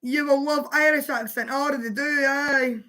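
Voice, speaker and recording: A woman's voice: sits high, fairly even intonation, normal speed, bright, forceful tone. A woman hosting a livestream, chatting casually with her partner, swearing freely and laughing often. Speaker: livestream host.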